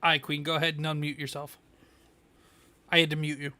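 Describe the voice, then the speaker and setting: A man's voice: fairly high pitch, little pitch movement, fairly quick, sharp tone, slight background noise. A man co-hosting a casual podcast chat, cutting in with incredulous reactions. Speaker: podcast co-host.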